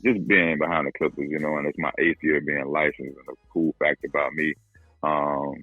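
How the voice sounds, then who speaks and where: A man with a Florida accent speaks in an extremely low, deep voice. He talks in an easygoing, slangy way, and the sound is dry and close with faint music underneath. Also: steady tone, moderate pace, breathy edge, no echo, narrow, tinny audio. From Jacksonville, Florida. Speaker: guest barber. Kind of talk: casual podcast chat.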